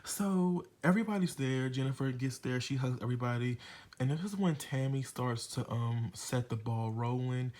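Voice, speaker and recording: A man recapping a reality TV episode in a loose, chatty way. He is blunt and gossipy and swears freely as he runs through the drama. His voice sits at an ordinary middle pitch for a man. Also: moderate pace, darkish tone. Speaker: reality TV reviewer. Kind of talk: casual episode recap commentary.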